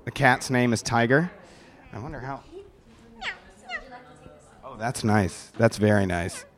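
A medium-pitched voice at a slow pace comes from a visitor from Milwaukee, Wisconsin chatting casually with kids at an event. He uses a handheld microphone and is playful and goofy, stammering and restarting often.

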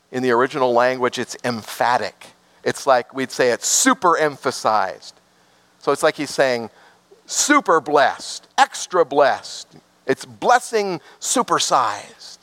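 A man pastor preaching a sermon with emphatic swells that drop to soft, slow passages, then leading a prayer. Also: on the high side, dry recording.

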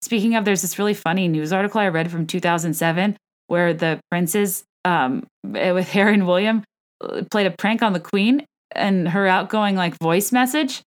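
A woman's voice: lowish voice, normal speed. A woman hosting a solo podcast, chatting about celebrity gossip in a rambling way with many asides. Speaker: podcast host.

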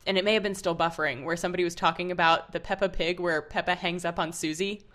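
A woman talking as a podcast co-host in casual chat, chatty and quick to pick up a story. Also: lowish voice. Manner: chatty, animated when retelling cartoon scenes.

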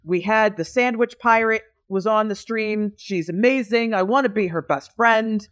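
A woman co-hosting a casual podcast chat, enthusiastic and rambling, quick to agree. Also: medium pitch, fairly bright tone. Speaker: podcast co-host.

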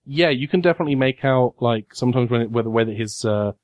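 A man narrating a tabletop game as game master, halting with many fillers. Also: medium pitch, a little mellow, dry recording. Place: game cafe.

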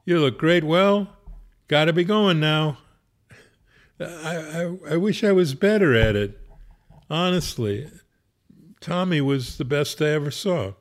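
A man's voice: on the high side, measured pace, long pauses. A man who is a rabbi, wryly telling a humorous personal story in a conversational way. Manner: wry, conversational, laughs at his own story.

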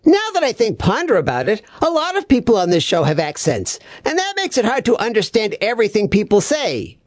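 Clueless male reviewer, voiced by a woman: chirpy, lively sing-song pitch, dry close sound, absent-minded babble. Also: a little fast, dry recording. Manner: chirpy, absent-minded, malapropisms and doubled words. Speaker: comedic reviewer. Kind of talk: scripted comedy monologue.

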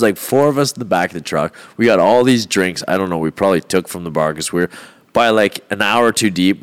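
A man who is a fighter, guesting on a podcast and telling a rowdy, profane story in a casual way, laughing often. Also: sits low.

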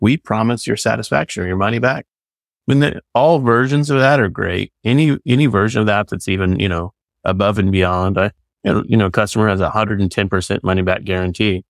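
A man from California hosting a casual business podcast, talking in a relaxed way and repeating words as he thinks. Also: fairly low pitch, creaky, no echo, studio quality. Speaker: podcast host.

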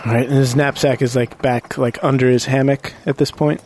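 A man's voice: medium pitch, level tone, brisk, darkish tone, slight background noise. A man playing a tabletop role-playing game, chatting casually and laughing often as he plans his moves. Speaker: player.

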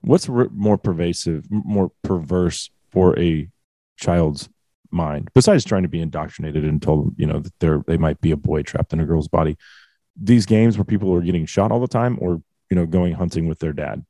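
Man, forties, very deep mellow voice, blunt opinionated ranting, dry sound. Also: normal speed, dry recording. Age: 40s. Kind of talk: casual chat.

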